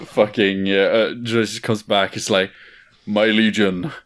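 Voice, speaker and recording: A man co-hosting a podcast, swearing freely and stumbling through an excited rambling bit. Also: on the low side, slow. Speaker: podcast co-host. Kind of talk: casual chat.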